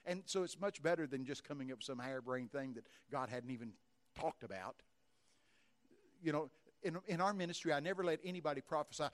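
A man preaching with a fairly high voice. He tells his stories with lots of animation, slipping into the voices of the people in them and rising to sudden shouts. The delivery is that of a sermon before a congregation. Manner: animated, acts out dialogue and shouts in bursts of excitement. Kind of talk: sermon storytelling.

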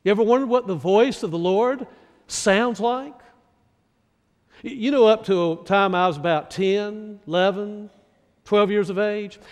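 A male pastor from North Carolina preaching a sermon, slow and deliberate, asking his listeners many questions. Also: high voice, long reverb tail.

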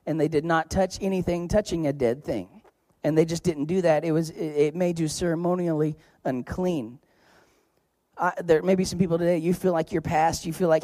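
A man preaching a sermon as pastor, talking in a conversational, joking storytelling way with sudden loud bursts of emphasis. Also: on the high side, steady tone, normal speed, no room sound. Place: church.

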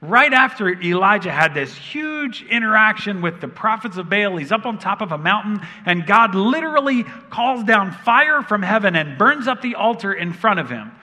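Bright-voiced male pastor in a big hall. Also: sits high, moderate pace, hardly any pauses. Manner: animated, humorous storytelling. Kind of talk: sermon. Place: large church hall. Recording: long reverb of a big hall.

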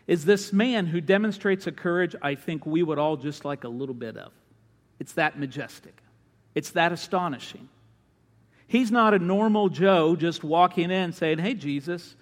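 A man with a high voice delivers an impassioned sermon. He swings from loud, ringing calls to quiet, low lines. His voice echoes with the long reverb of a large church hall. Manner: impassioned preaching, rising to shouts and dropping low. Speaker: pastor.

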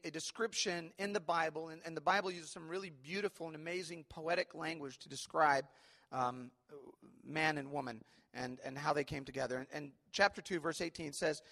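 A man's voice: a little high, fairly bright tone, big-room sound. A man preaching a sermon as pastor, talking in an earnest, conversational way with frequent fillers and check-ins to the congregation. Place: church sanctuary.

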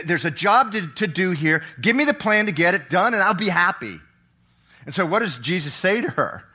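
A middle-aged pastor with a medium-pitched voice preaches a sermon, alternating loud, emphatic lines with hushed, soft reading. He also puts questions to the congregation.

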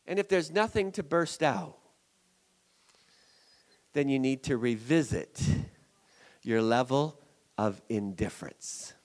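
A man, a pastor, preaching a sermon in an animated way, swinging from loud emphasis to quiet, low asides. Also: slow pace, pauses often.

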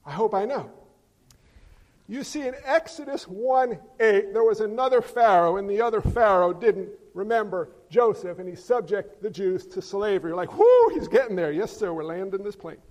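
A man's voice: sits high, normal speed, a little mellow. A man preaching a sermon as pastor, joking and quizzing his congregation. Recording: long reverb of a large hall.

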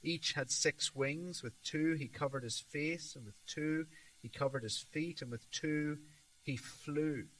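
A man preaching a sermon, slow and emphatic, swelling on repeated words and dropping soft at the ends of his points. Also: on the high side, slight background noise, rough recording.

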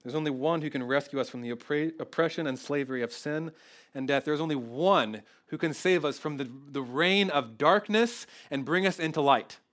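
A man's voice: fairly high pitch, normal speed, fairly bright tone. Earnest conversational male preacher. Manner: earnest, conversational, often emotional; repeats and restarts phrases. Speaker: pastor. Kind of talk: sermon.

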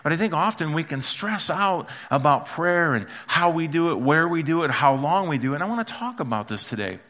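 A middle-aged male pastor preaching a Sunday sermon, telling stories with humor and acting out yelled calls and hushed asides. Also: a little high, expressive, a little fast. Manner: playful storytelling, acts out yelling and whispering.

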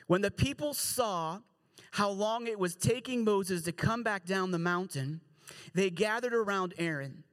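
A man with a high-pitched voice gives a relaxed storytelling sermon as a pastor. He talks in slang and jokes, and he acts out each character in quick little voices. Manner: slangy, joking asides.

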